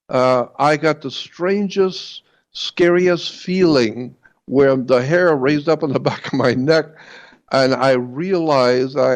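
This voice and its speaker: Gravelly man telling a story. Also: mid-range voice. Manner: halting, repeats words, slows for emphasis. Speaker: guest. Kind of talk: personal storytelling. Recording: dull lo-fi recording.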